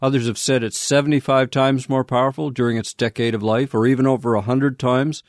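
A male interviewer posing prepared, measured questions to a guest. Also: mid-range voice, steady tone, no room sound, studio quality. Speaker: interviewer host.

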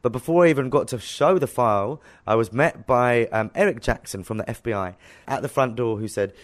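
Animated activist telling a story. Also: male voice, mid-range voice, fairly quick. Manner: animated storytelling, acting out dialogue. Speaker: activist guest. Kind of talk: casual interview storytelling.

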